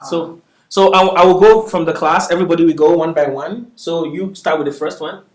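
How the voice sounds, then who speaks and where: A man's voice: fairly high pitch, fairly even intonation, a little fast. Patient male teacher in an echoey classroom. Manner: patient, often asks "is that okay?". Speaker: Arabic teacher. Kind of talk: classroom lecture.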